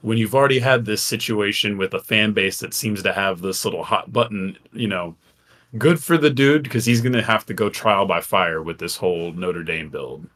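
Low-voiced man in casual sports banter. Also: fairly bright tone. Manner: loose, profane, talks in quick bursts with restarts. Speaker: podcast co-host.

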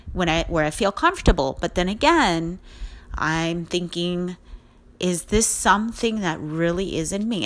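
Woman, middle-aged, slightly low voice, podcast host, encouraging, rambling monologue. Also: fairly bright tone. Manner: earnest and encouraging, rambling with restarts. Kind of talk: casual motivational monologue.

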